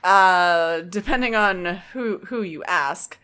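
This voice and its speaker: A young woman co-hosting a podcast, chatting casually over a card game, hesitant and quick to laugh. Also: fairly low pitch, sharp tone, smooth. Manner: giggly, hesitant, trails off. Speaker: podcast co-host, judge.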